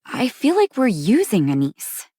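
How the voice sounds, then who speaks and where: An actress voicing a gentle, conflicted young woman ex-idol who talks hesitantly with soft sighs. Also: a little high, wildly swooping pitch, unhurried, breathy edge, no echo, full character voice. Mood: uneasy. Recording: dry close studio recording.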